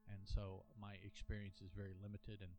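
A man's voice: lowish voice, monotone, a little fast, mellow, faint music behind. A man hosting a casual solo comic review, thinking aloud with many restarts and an earnest, apologetic manner. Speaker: podcast host reviewing a comic.

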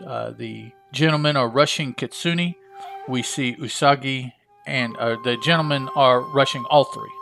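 Gravelly man reading a comic aloud. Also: medium pitch, fairly bright tone. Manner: chatty asides, frequent fillers. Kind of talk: casual comic-book read-aloud.

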